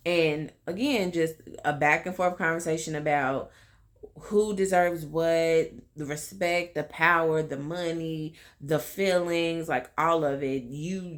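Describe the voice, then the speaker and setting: A woman's voice: sits low, measured pace. A young woman casually recapping a TV episode, chatty and full of fillers. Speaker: TV recap vlogger.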